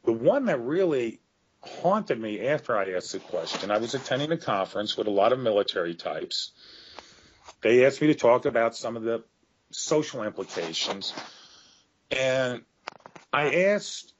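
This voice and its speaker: A man's voice: medium pitch, big pitch swings, normal speed. A middle-aged man interviewed as an author, telling grave scenarios in an earnest voice that turns emotional. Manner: earnest storytelling, growing emotional. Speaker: author guest. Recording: dull lo-fi audio.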